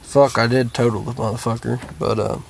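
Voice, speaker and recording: A man's voice: medium pitch, fairly even intonation, fairly quick, creaky, a little hiss or hum. A worn-out man rambling profanely to his viewers from home, drawling through stories with lots of fillers. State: worn out and tired. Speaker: vlogger. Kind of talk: rambling casual monologue to viewers. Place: at home, sitting.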